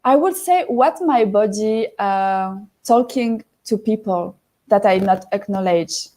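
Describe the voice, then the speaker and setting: A woman's voice: medium pitch, slow, warm tone. A French woman speaking English with a French accent as an interview guest, hesitant and searching for her words. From France. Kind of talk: casual interview chat.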